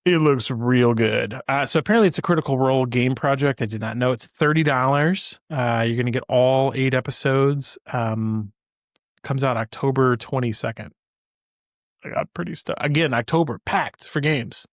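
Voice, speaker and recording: A man's voice: mid-range voice, moderate pace, no room sound, clean studio sound. Rambling casual male podcast host. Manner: rambling, casual, many fillers and restarts. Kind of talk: solo podcast chat.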